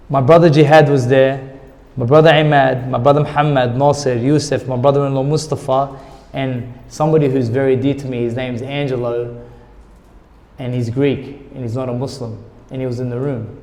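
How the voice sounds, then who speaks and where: A man's voice: mid-range voice, fairly even intonation, moderate pace, darkish tone, in a large hall. A middle-aged man, a guest in an interview, earnestly telling a personal story and repeating words when he gets emotional.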